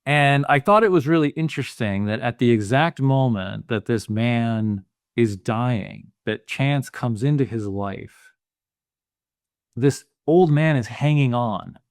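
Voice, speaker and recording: A podcast co-host muses thoughtfully in a casual film discussion, using lots of "you know" fillers. He speaks slowly at a medium pitch, and the recording is dry and studio quality.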